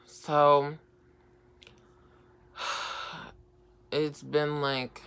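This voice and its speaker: A young woman chats through a personal story on her vlog, wandering with fillers and repeated starts. Her voice is bright and clean, and she speaks unhurriedly. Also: deep voice, steady tone, slow pace, smooth. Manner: rambling, lots of fillers and repeats. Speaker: vlogger.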